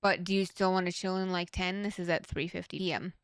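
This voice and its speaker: Smooth, low-voiced woman reading and commenting. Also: fairly quick, no echo, studio quality. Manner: reads texts flatly, blunt asides with swearing. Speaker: true crime reaction host.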